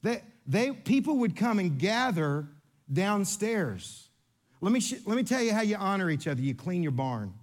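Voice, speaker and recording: A pastor, a man whose voice sits notably high, preaches with lively, playful energy. He jokes, repeats himself to make a point, and speaks straight to the congregation. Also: moderate pace. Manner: animated, playful, coaching volunteers on stage. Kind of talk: sermon.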